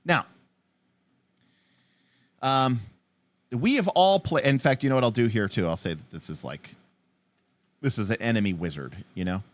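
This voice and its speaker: Male livestream host, animated and rambling with casual swearing, dry recording. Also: mid-range voice, normal speed, pauses often, no echo. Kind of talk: livestream rules explanation.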